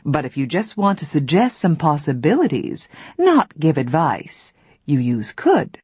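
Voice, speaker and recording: A woman voicing a cartoon word character who gives clear advice in an educational cartoon. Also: low voice, big pitch swings, a little slow, a little mellow, no room sound, heavily acted. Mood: advising. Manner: clear, advising. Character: female cartoon word giving firm advice.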